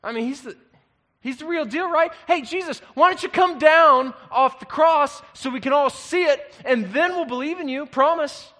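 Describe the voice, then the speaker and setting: Brief: man playing a jeering, sarcastic religious leader, high and loud, reverberant hall. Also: normal speed. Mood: mocking. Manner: mocking, sing-song, loud. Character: jeering crowd of male religious leaders, scornful.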